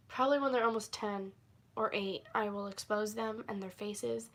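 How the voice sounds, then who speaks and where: A woman chatting through a casual story-time livestream, rambling and giggling, with lots of fillers. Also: fairly high pitch. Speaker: livestream host.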